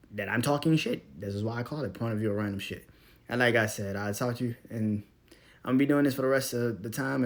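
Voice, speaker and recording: A young man hosting a podcast, ranting bluntly with lots of swearing and laughing as he goes. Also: medium pitch. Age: young adult. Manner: profane, blunt, laughs often, swings between loud and mumbled. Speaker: podcast host. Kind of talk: casual ranting monologue.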